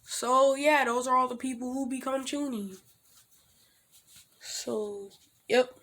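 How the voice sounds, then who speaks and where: This young man's voice is extremely high, slow, bright and forceful as he casually tells a self-insert fan story. He rambles, restarts a lot, leans on fillers like "basically" and "like," and loosely acts out the characters' lines.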